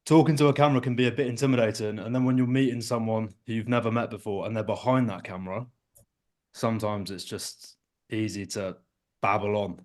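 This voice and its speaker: A man's voice: fairly low pitch, steady tone, fairly quick, a little mellow. A man who works as an online fitness coach, chatting casually on a podcast with self-deprecating humor. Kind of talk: casual chat.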